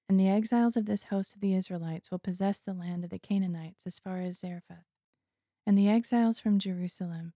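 Woman scripture reader, solemn and measured, low dark voice, dry close sound. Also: dry recording. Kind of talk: scripture reading.

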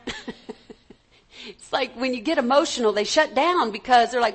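A woman with a notably high-pitched voice preaches to her congregation. She speaks in an informal, conversational way and keeps asking the room for an amen. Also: normal speed, pauses often, breathy edge. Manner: conversational, calls for amens from the congregation. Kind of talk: sermon.

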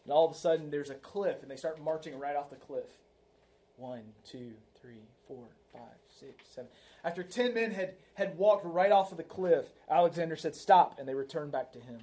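A man delivering a sermon in a relaxed, conversational preaching style. His voice is mellow and a little higher than most men's, and he keeps checking in with listeners by asking "right?". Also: fast, hardly any pauses. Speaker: pastor.

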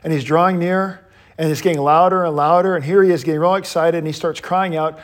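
Animated pastor teaching a class. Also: male voice, on the high side, quick pace. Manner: animated, paces while teaching, frequent restarts.

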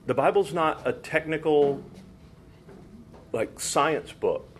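A man's voice: on the high side, slow pace, a little hiss or hum. A man teaching a Bible study in an informal, explanatory way, walking listeners through a passage. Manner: explanatory, informal, drops into quoting scripture.

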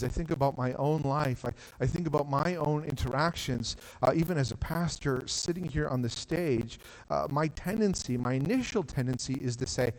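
A pastor preaching a sermon from a stage, talking in a conversational way with frequent "like" and quick restarts. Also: male voice, fairly high pitch, in a large hall, poor audio. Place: church stage.

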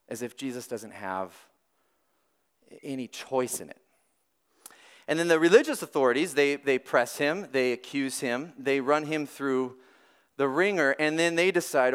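Lively conversational male preacher. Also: medium pitch, clear, resonant tone. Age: adult parent. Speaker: pastor. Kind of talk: sermon.

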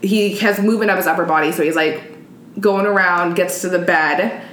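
A woman's voice: on the low side, fairly even intonation, brisk, fairly bright tone, a little hiss or hum. A young woman, telling stories in casual chat, swearing freely and acting out what people said. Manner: chatty, swears freely, acts out quotes. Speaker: guest. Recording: echoey room.

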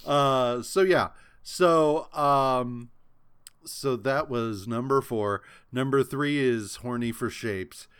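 A man's voice: medium pitch, takes it slowly, a bit bright, clean tone. A man co-hosting a podcast, chatting casually about comics in a laid-back, rambling way. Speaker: podcast co-host.

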